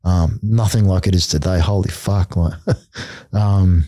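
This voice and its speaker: A middle-aged man with an Australian accent tells stories on a podcast in a blunt, swearing, laughing way. His voice sits on the low side and sounds dark and mellow. The close mic is dry, with no room sound. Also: fairly even intonation, measured pace, no room sound. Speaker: podcast guest, army veteran. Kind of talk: casual interview storytelling.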